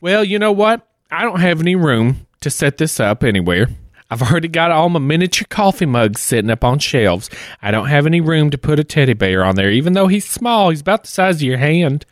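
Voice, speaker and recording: Animated, chatty man with a lively pitch. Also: fairly quick, no room sound, clean studio sound. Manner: animated, chatty, self-mocking. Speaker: podcast co-host. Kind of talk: casual chat while taste-testing candy. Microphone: studio microphone.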